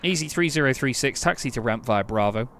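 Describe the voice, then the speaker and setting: Man, from England, live-stream chat, clipped controller calls, mid pitch, faint background hiss. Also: expressive, brisk, a bit bright. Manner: chatty, thinks aloud, crisp clipped radio phrasing. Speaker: streamer playing an air traffic control game.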